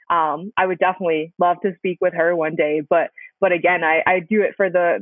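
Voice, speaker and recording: A woman's voice: on the low side, no echo. A woman, a hockey player and mentor, answering interview questions earnestly with many ums. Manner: earnest, with frequent filler ums. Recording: thin phone-like call audio.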